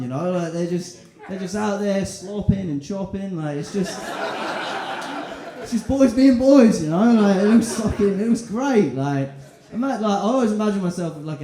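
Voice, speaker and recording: A man doing a stand-up set in a comedy club, rambling, crude and self-mocking as he banters with the crowd. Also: fairly high pitch. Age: 20s. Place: comedy club in central London. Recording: roomy club with crowd laughter.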